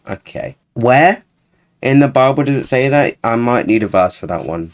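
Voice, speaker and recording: A man talks through a reaction video in a casual, sarcastic way. His voice sits a little low and he sounds openly exasperated. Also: expressive, moderate pace. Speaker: YouTuber.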